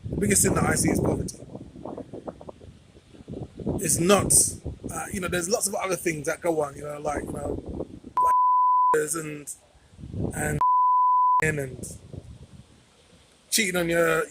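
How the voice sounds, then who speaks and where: A man's voice: a little high, fairly even intonation, normal speed, long pauses, noisy background. A man talking straight to camera in a commentary vlog, emphatic and repeating phrases for stress. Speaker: vlogger.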